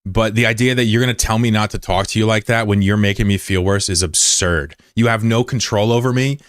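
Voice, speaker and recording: A man's voice: fairly low pitch, a little fast, clean tone, no echo, clean studio sound. A man livestreaming, talking casually to his chat and bluntly, heatedly scolding a viewer. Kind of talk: casual live-stream talk to chat.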